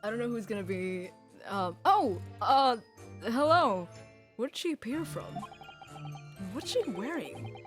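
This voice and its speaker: A woman streaming a game, excitable and giggly, reading the game text aloud. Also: a little high, unhurried. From Canada. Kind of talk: let's play commentary. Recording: game music loud in the mix. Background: game music.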